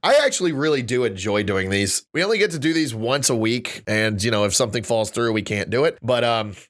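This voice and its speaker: A man's voice: medium pitch, expressive, a little fast, fairly bright tone. A man hosting a casual podcast, ranting heatedly and swearing freely. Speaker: podcast host.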